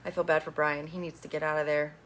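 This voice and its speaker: Recapping a reality dating show, this woman sounds bright and forceful yet low-pitched and level, talking fast. She's chatty and opinionated with casual swearing, and there's a slight hiss or hum.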